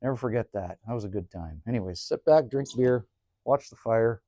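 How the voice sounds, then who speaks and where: Brisk and mid-range in voice, a man vlogging from his cabin spins a story beside the woodstove, close to the mic. He stays laid-back, swears freely, and livens up when retelling events, on a dry recording.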